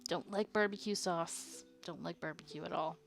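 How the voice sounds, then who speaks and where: A woman's voice: lowish voice, moderate pace, creaky. A woman streaming a visual novel playthrough, reading the game's text aloud and chatting playfully with her viewers. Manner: chatty, playful, reacts to chat. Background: faint game music.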